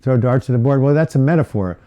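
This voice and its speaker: Speaking fast in a mid-range voice with the highs cut off, a man rambles casually through a live-stream Q&A on mental health. He reads out viewer comments and answers them, leaning on fillers and correcting himself as he goes.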